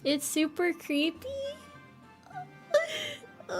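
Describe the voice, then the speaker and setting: A woman's voice: sits high, unhurried, a bit bright, soft background music. A woman with an American accent streaming casual chat, giggly and self-mocking as she reads chat aloud. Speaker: livestreamer.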